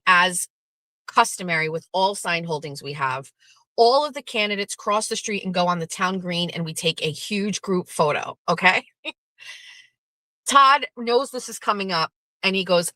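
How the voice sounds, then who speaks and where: Woman, show host, casual storytelling, animated and blunt, bright tone. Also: mid-range voice, moderate pace, no echo. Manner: animated, blunt, swears freely, acts out quotes.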